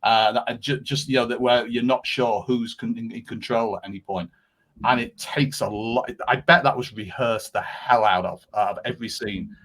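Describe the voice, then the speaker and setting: A man's voice: medium pitch, fairly even intonation, moderate pace, fairly bright tone. A man appearing as a guest on a podcast, chatting enthusiastically and rambling with frequent restarts. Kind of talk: casual podcast chat.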